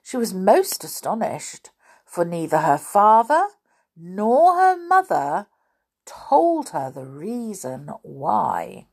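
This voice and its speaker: A woman reading a fairy tale aloud, expressive with dramatic pauses. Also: medium pitch, gravelly, slightly rough. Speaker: storyteller.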